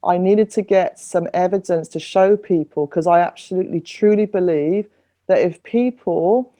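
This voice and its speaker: A woman's voice: on the low side, normal speed, warm tone. A middle-aged woman telling her story as a podcast guest, earnest and full of restarts. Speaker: singer-songwriter and refugee advocate, podcast guest. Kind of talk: conversational podcast interview.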